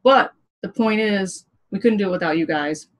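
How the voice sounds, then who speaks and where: An earnest woman hosts a gaming livestream and rallies her viewers in casual, plain-spoken talk. Her voice sits at an ordinary middle pitch for a woman, and now and then she lets a swear word slip. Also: normal speed, rough recording. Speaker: host. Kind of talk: livestream panel chat.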